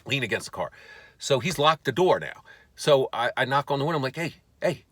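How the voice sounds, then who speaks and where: A man, a comedian, telling a story for laughs in an animated, profane way, often stammering and restarting. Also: mid-range voice, a little fast, dry recording.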